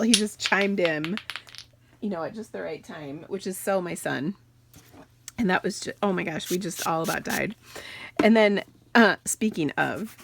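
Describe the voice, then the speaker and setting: A woman in her forties with a mid-range voice hosts a relaxed card-making tutorial, recorded with no room sound. She chats as she works, wandering into family stories and laughing at her own asides.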